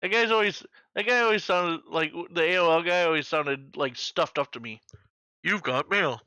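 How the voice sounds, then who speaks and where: A man's voice: a little high, a little fast, sharp tone, clean tone, dry recording, muffled recording. A man in his forties hosting a trivia night in casual chat, joking, swearing freely and making sound-effect noises. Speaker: trivia host.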